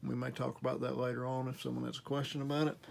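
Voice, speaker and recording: A man's voice: mid-range voice, level tone, fast talker, vocal fry, a little hiss or hum. A man with a Southern US accent, host of a guitar repair channel, explaining a guitar setup in a casual, easygoing, folksy way. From Southern United States. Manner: easygoing, folksy and self-deprecating. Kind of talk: casual instructional demo.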